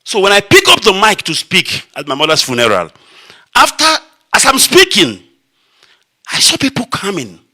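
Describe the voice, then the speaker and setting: An animated, very lively voice from a man with a Nigerian Igbo accent. He speaks as a broadcaster in a declamatory monologue, hammering each point home through repetition. His voice is sharp and forceful, set on the higher side for a man. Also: moderate pace. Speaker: online radio broadcaster. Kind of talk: impassioned monologue address.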